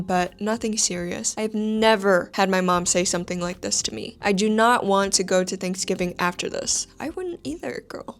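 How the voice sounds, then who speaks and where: Animated woman reading posts aloud. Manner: animated, laughs often, squeals in high bursts when excited; swears freely, sarcastic asides. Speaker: host reading and reacting to online posts. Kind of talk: casual reaction chat, reading posts aloud.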